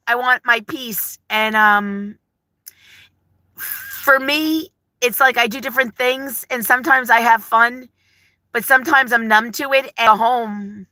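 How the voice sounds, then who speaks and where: Middle-aged woman, live-chat host, bright tense voice, close dry phone sound, heartfelt and rambling. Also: a little high, dry recording. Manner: gentle, heartfelt, rambling with fillers. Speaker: vlogger on a livestream. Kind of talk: casual live chat, reading comments. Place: parked car. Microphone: phone held in hand.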